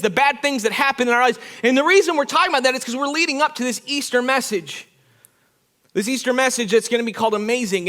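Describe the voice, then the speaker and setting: A man preaching a sermon as pastor, telling a personal story with lively acted-out quotes. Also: sits high. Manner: animated storyteller, acts out quotes with shouts and whispers. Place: church.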